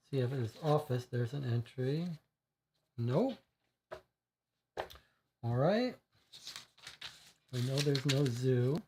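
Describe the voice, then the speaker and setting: Board game streamer, mid-pitched, musing aloud and reading game cards, casual livestream delivery. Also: dark tone, a little hiss or hum. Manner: thinking aloud, many fillers, reads case text aloud.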